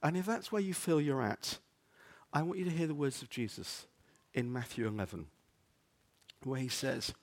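A man preaching a sermon as a pastor, earnest, often repeating words and dropping soft on quotes. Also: mid-range voice, normal speed. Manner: earnest, stumbles and repeats words, drops to near-whisper on quotes.

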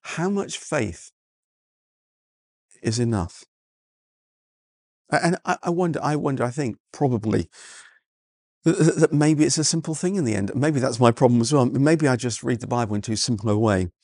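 A man's voice: medium pitch, brisk, a little mellow, dry recording, studio quality. A man preaching a sermon in an earnest way, often repeating words and restarting his sentences. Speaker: pastor.

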